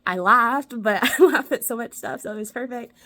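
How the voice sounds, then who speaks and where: A woman's voice: on the high side, moderate pace, fairly bright tone. Bubbly woman reviewing a movie. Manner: bubbly, giggly and enthusiastic. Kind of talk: casual movie review vlog.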